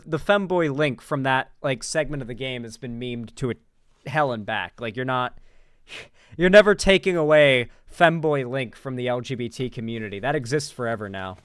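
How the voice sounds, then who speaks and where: A man's voice: on the high side, fairly bright tone, smooth, no room sound, studio quality. A man hosting casual political commentary, sarcastic and mocking as he reads out replies and laughs.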